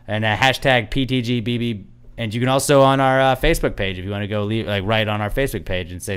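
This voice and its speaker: A man's voice: medium pitch, fast talker, a bit bright, smooth. A man hosting a podcast in casual chat, rambling with lots of fillers and restarts. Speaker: podcast host.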